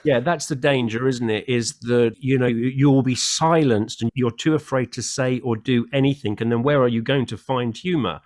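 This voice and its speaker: A man's voice: mid-range voice, normal speed, hardly any pauses, a little mellow. A man on a comedy panel, making his case reflectively through rhetorical questions. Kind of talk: casual panel chat.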